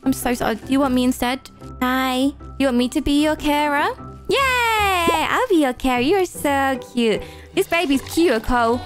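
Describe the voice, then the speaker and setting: A young woman narrating a game she plays, flustered and rapid, jumping up high when she panics and putting on fake crying. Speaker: gaming YouTuber. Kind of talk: let's-play commentary. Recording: game music playing behind.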